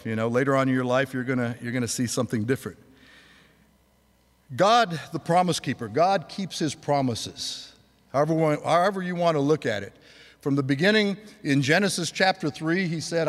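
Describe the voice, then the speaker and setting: A pastor in his sixties preaches a sermon, rambling through a personal story before building to fervent preaching. His mid-range voice is animated and moderately paced, with long hall reverb in the recording.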